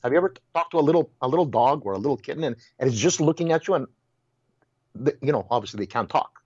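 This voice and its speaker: A man's voice: medium pitch, fast, husky, dry recording, muffled recording. A man talking as a guest in a heated casual conversation, telling stories emphatically and restarting his words often. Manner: animated storyteller, repeats and restarts words, exclaims.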